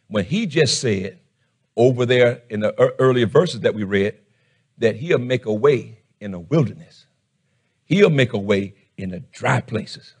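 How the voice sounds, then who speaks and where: Husky-voiced preaching pastor, fervent. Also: male voice, lively intonation, unhurried. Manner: fervent preaching, swings from shouting to low murmurs. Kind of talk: sermon.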